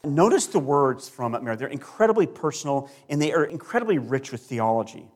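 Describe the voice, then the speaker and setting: A male pastor preaching a sermon with emphasis, slowing down and repeating key words. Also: big pitch swings. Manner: emphatic preaching with big swings in loudness and pitch.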